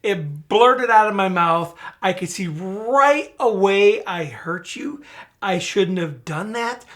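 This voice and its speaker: A man co-hosts a podcast in relaxed conversation. He tells stories earnestly and directly, keeping to the point. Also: high voice, takes it slowly. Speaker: podcast co-host. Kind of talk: casual chat.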